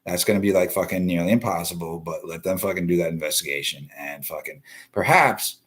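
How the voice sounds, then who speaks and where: A man's voice: low-pitched, fairly quick, fairly bright tone. A man hosting a live-stream news show, ranting bluntly and profanely while greeting viewers from the comments. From East Coast of the US. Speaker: livestream news show host.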